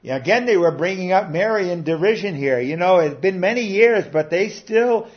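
A man preaching with a somewhat high voice, pressing his points hard and firing off rhetorical questions to the congregation. He pauses on filler sounds between phrases. The recording is dull and lo-fi. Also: lively intonation. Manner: emphatic, building to loud peaks, frequent rhetorical questions. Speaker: pastor. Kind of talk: expository sermon.

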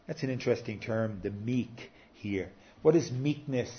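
A man preaching a sermon earnestly, with rising and falling emphasis and frequent pauses. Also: medium pitch. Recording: slightly dull lo-fi sound.

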